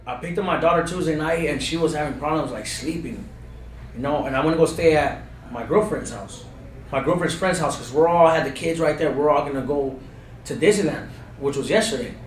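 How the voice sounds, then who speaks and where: A man, telling a true story to an interviewer in an earnest, insistent way with street slang, swinging from loud bursts to low mutters. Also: a little fast. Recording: roomy, distant recording with faint background noise.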